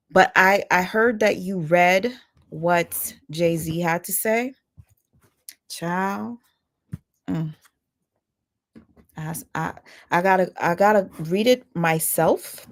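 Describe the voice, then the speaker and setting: A woman hosting a casual live stream, chatty and excitable, greeting viewers by name. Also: on the low side.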